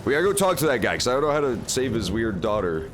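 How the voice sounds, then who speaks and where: A man's voice: medium pitch, sing-song, quick pace, a little hiss or hum. A man streaming a game, giving casual, joking and profane commentary. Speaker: gameplay streamer. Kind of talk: casual live gameplay commentary.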